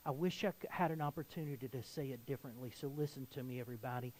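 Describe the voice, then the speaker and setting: A man preaching a sermon as pastor, earnest and swinging between quiet appeals and emphatic exhortation. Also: mid-range voice, fast, slight background noise, rough recording.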